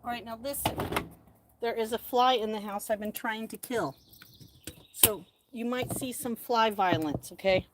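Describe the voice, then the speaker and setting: A middle-aged woman hosting a casual livestream outdoors, chatty and excitable, talking straight to her viewers. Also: a little high, measured pace, noisy background. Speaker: livestream host.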